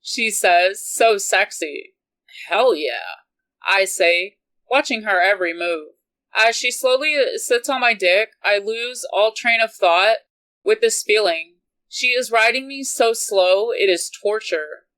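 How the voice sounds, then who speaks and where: Slow, bright-voiced woman reading aloud. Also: medium pitch, low-quality recording. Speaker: audiobook reader. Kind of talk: reading a romance novel aloud.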